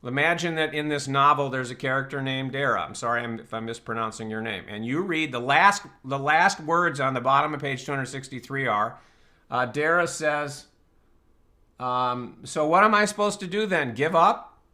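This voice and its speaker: A man's voice: mid-range voice, moderate pace, bright, forceful tone. A man hosting a live online Q&A show, talking casually and explaining his ideas through rhetorical questions. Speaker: host and personal-growth teacher.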